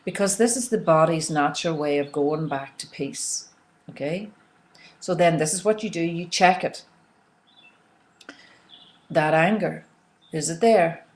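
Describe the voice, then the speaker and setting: A woman coaching listeners through an emotional tapping exercise, often checking in with "okay?" and leading them in slow breathing and softly repeated release phrases. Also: low voice. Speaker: self-help coach. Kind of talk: guided instructional talk on emotional tapping.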